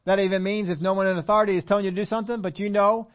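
A man preaching an animated sermon and asking his congregation questions. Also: high voice, very fast, few pauses, dull audio. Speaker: pastor.

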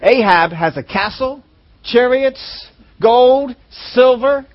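A man preaching a sermon in an animated way, acting out voices in his stories, on a dull lo-fi recording. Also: very high-pitched, takes it slowly. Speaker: pastor.

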